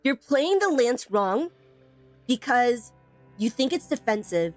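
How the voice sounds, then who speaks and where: A woman's voice: a little high, sing-song, takes it slowly, dry recording, soft background music. A woman streaming a game tutorial, teasing and emphatic, repeating points and answering chat. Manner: playful, teasing, emphatic with repetition. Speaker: streamer teaching a game weapon. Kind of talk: live stream tutorial, chatting with viewers.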